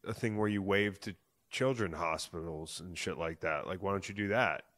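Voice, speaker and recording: A man in his thirties hosting a podcast, talking in excitable, profane, jokey banter. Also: low-pitched, normal speed. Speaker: podcast host. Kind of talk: casual chat.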